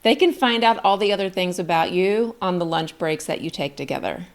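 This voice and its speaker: A woman's voice: fairly low pitch, expressive, brisk. A middle-aged woman coaching viewers on job interviews in an upbeat, encouraging, emphatic way. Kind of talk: direct-to-camera coaching lesson.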